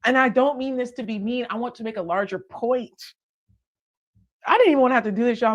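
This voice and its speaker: A woman's voice: on the high side, brisk, highs cut off. A woman hosting a live stream, delivering an indignant commentary rant with restarts and disbelieving laughter.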